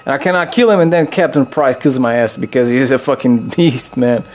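A young man giving loose, excitable gameplay commentary, swearing freely and jumping into high yelps. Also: a little fast, slight background noise.

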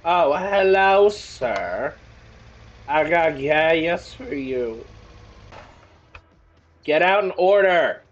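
Man, gaming commentary, excitable and joking, very lively pitch, slow delivery, faint music. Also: muffled recording. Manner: excitable, joking, exclaims often. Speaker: gaming YouTuber. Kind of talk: let's-play commentary.

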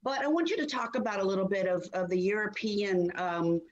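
A woman's voice: medium pitch, fairly quick, dull audio. A woman co-host asking long, chatty questions in a casual chat.

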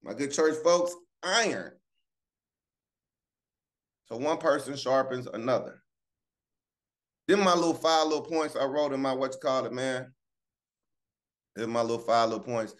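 A man hosting a casual morning devotional on a video call, lively and preachy, calling out to listeners by name. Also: mid-range voice, normal speed, long pauses. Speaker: morning show host.

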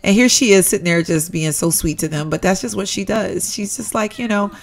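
A woman giving casual, chatty commentary while playing a life-simulation game, excitable and addressing viewers as "y'all". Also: medium pitch, fairly quick. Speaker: Sims let's-play creator.

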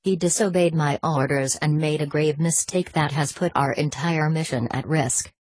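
A woman voicing a calm, commanding older male mastermind with a French accent, speaking in a measured, quietly menacing way in an audiobook reading. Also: low-pitched, husky, no echo. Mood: hushed threat.

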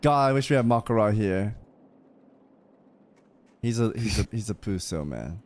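A man's voice: lowish voice, animated, moderate pace, darkish tone, a little hiss or hum. A male streamer in casual gaming chat, joking and bantering playfully.

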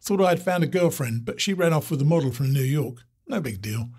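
A man voicing a wry, easygoing male trail veteran who jokes with a dry, teasing humor in a husky voice. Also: fairly high pitch, animated, a little fast, darkish tone. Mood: wry, joking.

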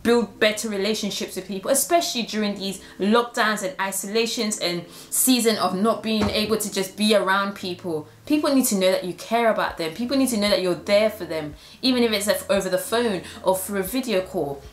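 A woman's voice: mid-range voice, a little fast, hardly any pauses, reverberant, slight background noise. A woman and Christian influencer sharing a personal testimony in an earnest, heartfelt way.

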